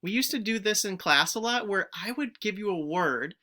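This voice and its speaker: A woman teacher giving a recorded phonics lesson to young pupils, stretching out each word sound clearly and encouraging the children to join in. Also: mid-range voice, animated, normal speed, bright, forceful tone. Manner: encouraging, speaks directly to children.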